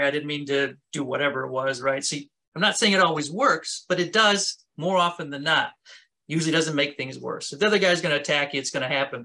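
Teaching self-defense, this man has a slightly high voice that's creaky and bright, with a forceful tone. He keeps the instructional talk casual and chatty, gesturing with his hands as he speaks.

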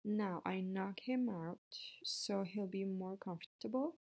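A woman voicing a calm, clever female spider in a storybook read-aloud, matter-of-fact and measured. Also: medium pitch. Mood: whispering.

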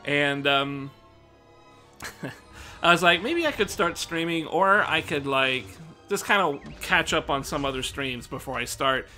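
Bright-voiced American guy rambling to viewers. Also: on the high side. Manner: laid-back, rambling, swears casually. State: slightly out of breath. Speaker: streamer. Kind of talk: casual rambling chat to viewers.

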